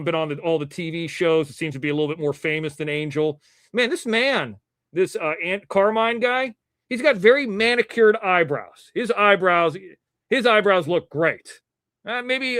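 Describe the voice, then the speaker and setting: A man hosting his own live-stream news show, rambling casually between topics, irreverent and quick to curse when annoyed. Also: fairly high pitch, a bit bright, clear, resonant tone, no room sound, studio quality. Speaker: livestream show host.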